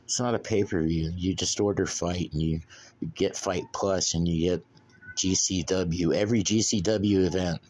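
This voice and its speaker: Solo podcast host, man, low-pitched, profane and laid-back rambler. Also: steady tone, moderate pace, a little mellow, a little hiss or hum. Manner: profane, blunt, drinking beer while talking.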